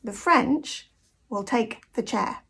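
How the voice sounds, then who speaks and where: A woman's voice: fairly high pitch, animated, slow pace, vocal fry, a bit bright, breathy edge. A British woman talking in a direct, conversational monologue, telling anecdotes from her own life. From Britain. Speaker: vlogger. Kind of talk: casual reflective monologue.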